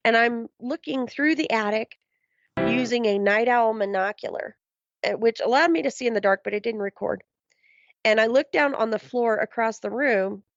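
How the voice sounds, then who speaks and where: A woman's voice: a little high, dry recording. A woman guest telling a paranormal story in casual chat, rambling and full of "um" and "you know". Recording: dull, dry lo-fi sound.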